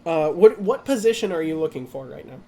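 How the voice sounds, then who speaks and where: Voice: medium pitch, big pitch swings, a little fast, mellow. Rambling, laughing game master. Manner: rambling, laughs often, many restarts. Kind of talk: narrating a tabletop game.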